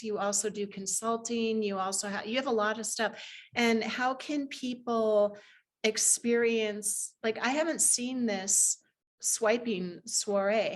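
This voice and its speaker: A woman hosting a podcast interview, asking rambling, enthusiastic questions. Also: mid-range voice. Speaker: podcast host. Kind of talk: casual interview chat.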